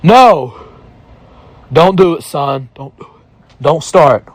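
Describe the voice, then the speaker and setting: Guy putting on a big bearded southern dude, slow drawn-out drawl, gruff but looks out for you, talks real slow. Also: a little high, expressive, voice pushed up, full character voice. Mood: pleading.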